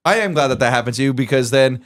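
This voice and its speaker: A man's voice: medium pitch, animated, fast talker, a bit bright. A man co-hosting a podcast, chiming in with short comments and laughs in casual chat. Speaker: podcast co-host.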